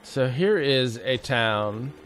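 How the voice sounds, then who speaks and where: Playing a survival game on stream, this man jokes with his chat and talks to the zombies in casual commentary. His mid-range voice is animated and fairly bright, the pace slow, with a little hiss or hum on the recording.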